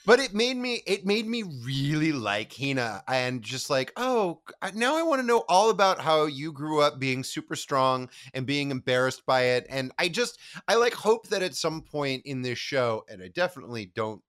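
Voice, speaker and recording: Lively, bright-voiced man recapping a show. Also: fairly high pitch, normal speed, few pauses. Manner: animated, profane, jokey. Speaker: podcast co-host. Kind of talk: casual episode recap chat.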